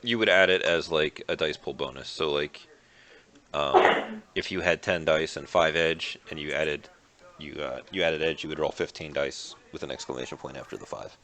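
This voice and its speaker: Deep-voiced male game master. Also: normal speed, background noise. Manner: relaxed, rambling explanations with fillers. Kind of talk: narrating and explaining rules in a tabletop game.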